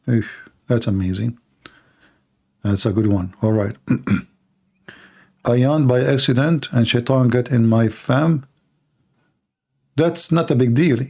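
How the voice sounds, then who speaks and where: A man's voice: mid-range voice, mellow. Sarcastic rambling man with an Arabic accent. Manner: sarcastic, rambling with many fillers. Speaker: live stream host. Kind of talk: mocking casual monologue.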